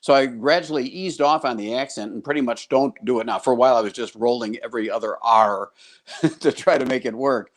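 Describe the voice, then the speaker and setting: An older man from the United States chats easily as a guest on a video call. He tells his stories with animation, laughs readily, and livens up when he quotes other people. His voice sits at a middle pitch. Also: brisk. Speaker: guest TV horror host. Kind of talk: casual interview chat.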